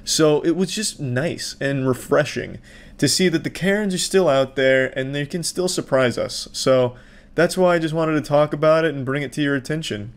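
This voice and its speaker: A man's voice: fairly high pitch, moderate pace. A man hosting a casual reaction commentary, sarcastic and profane. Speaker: commentary channel host.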